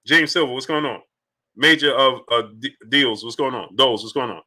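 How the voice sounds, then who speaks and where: A man's voice: mid-range voice, a little fast, pushed and bright. A man hosting a live boxing stream, greeting viewers in the chat by name and firing off rhetorical questions. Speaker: boxing livestream host.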